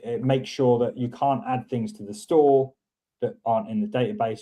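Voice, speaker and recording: A man's voice: mid-range voice, fairly even intonation, normal speed, dark tone. A man hosting a casual coding chat, thinking aloud and rambling with many restarts. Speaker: host teaching coding. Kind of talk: casual screen-share chat.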